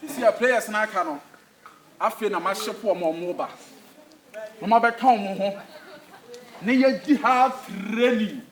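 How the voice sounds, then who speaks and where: A man's voice: high voice, moderate pace, long pauses. A man with a Ghanaian accent playing a football coach in a comedy skit, giving bossy orders and mixing Twi with English. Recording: echoey, far from the mic, faint noise.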